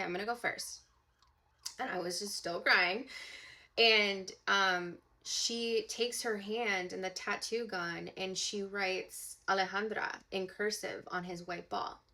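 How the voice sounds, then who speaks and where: A young woman with a bright, forward voice tells a personal story straight to camera. She is emphatic and casual, leaning on "like" and checking in with "okay?" as she goes. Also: medium pitch. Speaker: psychic medium.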